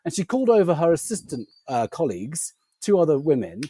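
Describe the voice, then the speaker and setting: A man with a non-rhotic accent that drops his R's, a podcast guest telling a casual, animated story. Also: fairly high pitch, a little fast, husky, no room sound. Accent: non-rhotic English, drops R sounds. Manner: animated, laughing anecdote teller.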